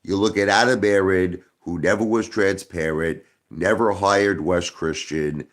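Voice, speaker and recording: A man's voice: low-pitched, fairly even intonation, a little slow, a bit bright. A man hosting a livestream, ranting emphatically and repeating himself as he speaks straight to a viewer. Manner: emphatic, repetitive, agitated, addresses a viewer directly. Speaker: livestream host.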